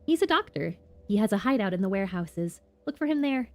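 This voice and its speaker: A woman voicing a dreamy, wistful fifteen-year-old girl in a high, airy voice. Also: big pitch swings, brisk, darkish tone, faint music behind, natural voice.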